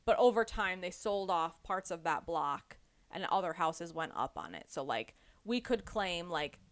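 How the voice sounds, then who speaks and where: A woman's voice: lowish voice, lively intonation, measured pace. A woman hosting a casual book club podcast, retelling a story with lots of "like" and "um". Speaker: podcast host.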